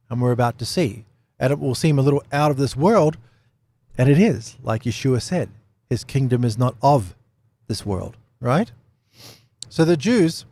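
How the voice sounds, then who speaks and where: A man giving an unscripted Bible study talk, animated, with lots of rhetorical questions and repeated phrases. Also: medium pitch. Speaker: Bible teacher.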